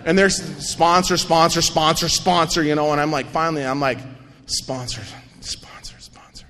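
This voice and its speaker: A man speaking at a recovery meeting, telling his own story with animated, self-mocking humor and coarse asides. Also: on the high side, a little fast, a little hiss or hum. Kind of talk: personal recovery story told to an audience. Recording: long hall reverb.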